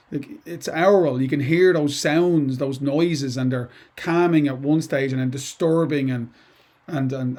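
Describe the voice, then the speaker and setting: A middle-aged man with a mid-range, slightly mellow voice teaches poetry in an informal lesson. As an English teacher, he is chatty and digressive with students, making frequent asides and restarts.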